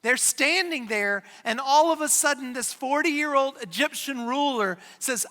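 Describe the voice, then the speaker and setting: A pastor preaching a sermon, retelling a scripture story with dramatic pauses and dropping low for emphasis. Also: animated, pushed and bright. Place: church sanctuary. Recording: long church hall reverb.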